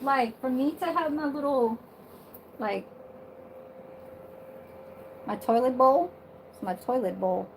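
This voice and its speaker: A woman's voice: high voice, slow pace, pauses often, a little hiss or hum, poor audio. A woman vlogger chatting casually to her viewers from her bedroom, sassy and blunt, swearing freely and laughing often.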